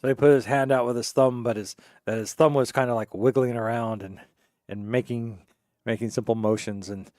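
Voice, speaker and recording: A man's voice: mid-range voice, steady tone, brisk, darkish tone, no echo, clean studio sound. A man hosting a game stream in casual chat, telling jokes in a rambling, digressive way. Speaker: gaming streamer. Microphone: streaming microphone.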